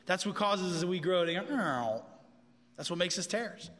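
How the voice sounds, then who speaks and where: A man giving a casual, animated sermon as a pastor, often repeating himself as he goes. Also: a little high, normal speed, long reverb tail.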